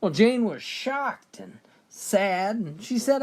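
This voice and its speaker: A joke teller reading jokes aloud in a brisk storytelling manner, often opening lines with "well". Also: mid-range voice, big pitch swings.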